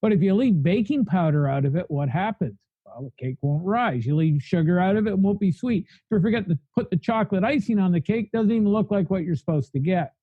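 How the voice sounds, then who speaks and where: A man's voice: high-pitched, expressive, brisk, husky, no echo, phone-quality sound. A man telling his recovery story in a podcast interview, blunt and fiery, speaking in long spoken lists. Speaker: guest sharing recovery story.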